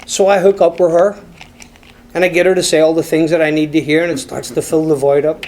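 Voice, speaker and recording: Irish guy telling his story to a meeting, talks right to the room, warm dark voice. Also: fairly high pitch, little pitch movement, fairly quick, slight background noise. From Ireland. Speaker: speaker at a recovery meeting. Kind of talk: personal story told to a group.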